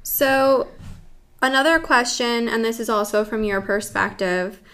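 A woman's voice: fairly high pitch, fairly even intonation, unhurried, sharp tone, clear, resonant tone. A woman co-hosting a podcast, chatting eagerly with frequent fillers and asking questions. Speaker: podcast co-host. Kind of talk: casual interview chat.

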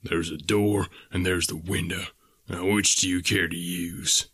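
A man voicing a stern, quick-tempered older male farmer who talks in a gruff, sardonic way. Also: low voice, fairly even intonation, fairly bright tone, exaggerated voice. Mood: angry.

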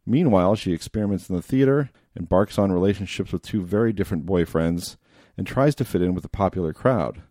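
A man hosting a film podcast, reading a measured, articulate introduction, then leading a casual talk. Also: sits low, warm tone, dry recording, studio quality. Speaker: podcast host.

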